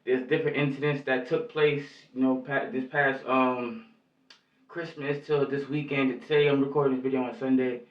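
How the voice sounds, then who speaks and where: A man's voice: medium pitch, little pitch movement, normal speed. A man giving angry, rambling vlog commentary in heavy street slang, cursing constantly. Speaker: YouTube commentator. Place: lives in New York. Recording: echoey, distant, muffled lo-fi sound.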